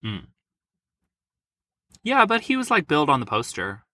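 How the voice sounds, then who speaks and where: A man's voice: on the high side, wildly swooping pitch, moderate pace, bright, forceful tone, dry recording. A man co-hosting a podcast, chatting loosely and joking with profanity while guessing movies in a quiz. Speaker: podcast co-host. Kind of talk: casual movie quiz chat.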